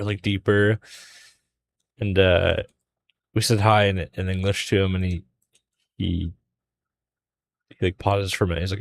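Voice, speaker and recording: A man's voice: low voice, level tone, unhurried, gravelly, pauses often. A young man streaming a drawing session, rambling through a casual story with lots of fillers. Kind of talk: casual chat while drawing.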